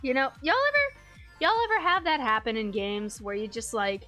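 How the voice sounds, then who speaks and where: A young woman streamer talking loosely to her chat, her voice sitting a bit high for a woman. She rambles with plenty of fillers and easy swearing, and faint music plays underneath. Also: moderate pace, pushed and bright. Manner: rambling, swears casually, frequent fillers and laughs. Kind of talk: casual chat with viewers.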